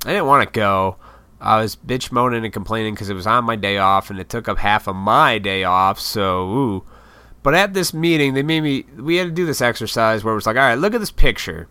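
A man's voice: on the low side, sharp tone, clear, resonant tone, dry recording. A man in his thirties, a YouTuber, in a casual, rambling, profane vlog monologue. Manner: rambling, profane, laid-back, self-deprecating.

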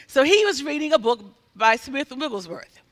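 A man preaching a sermon, telling stories in an animated way, acting out what people said and building to loud exhortation. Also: extremely high pitch, moderate pace. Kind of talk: sermon storytelling. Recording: long hall reverb.

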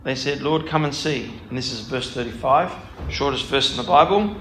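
A man leads an informal scripture talk, reading passages and then explaining them as he thinks aloud. His medium-pitched voice rings in a roomy, echoey space. Faint background noise sits underneath. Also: moderate pace, a bit bright. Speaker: Bible study speaker.

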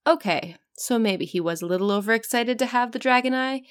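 A woman's voice: fairly high pitch, fairly quick, clear, resonant tone. Woman, casual read-aloud narrator, giggly, jokes between lines. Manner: giggly, breaks off to joke about the text. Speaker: fan fiction reader. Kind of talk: casual reading of a story aloud with commentary.

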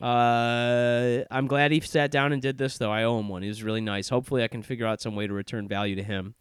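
Young man, podcast host, rambling, sardonic, smooth resonant voice, dry close mic. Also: medium pitch, flat delivery, quick pace, no echo. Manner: rambling, self-deprecating and sardonic. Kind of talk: casual podcast intro monologue. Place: office in Chicago.

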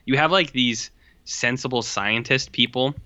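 Animated man with a bright, muffled voice. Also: mid-range voice, measured pace, smooth. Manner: animated, mimics film lines, swears freely. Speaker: podcast co-host reviewing movies. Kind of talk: casual film review chat. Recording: muffled lo-fi sound.

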